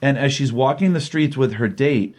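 A man's voice: medium pitch, moderate pace, darkish tone. A man giving a casual, rambling recap of a comic book issue, full of ums and you-knows.

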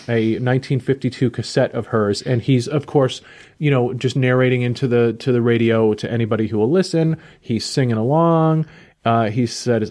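A man's voice: mid-range voice, darkish tone. Enthusiastic man retelling a story. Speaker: podcast host. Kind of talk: casual chat.

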